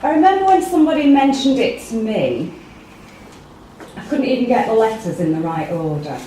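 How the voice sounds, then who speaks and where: This woman's voice sits on the high side, sing-song and warm, at a normal speed over slight background noise. She has an English accent and is running an interactive workshop for a small audience in a meeting room, frequently putting questions to them, recorded from afar in an echoey space.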